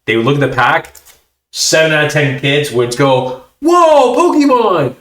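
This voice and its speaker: A man hosting a casual chat, telling stories with animated voices for the people in them. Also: medium pitch, moderate pace, reverberant. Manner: animated storytelling, acting out kids' reactions. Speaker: host.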